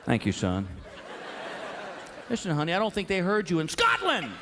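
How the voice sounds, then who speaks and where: A middle-aged man doing stand-up comedy, telling stories in an animated, exasperated way and slipping into put-on voices. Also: high-pitched, normal speed. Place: comedy stage before a live audience. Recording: live show with loud crowd noise.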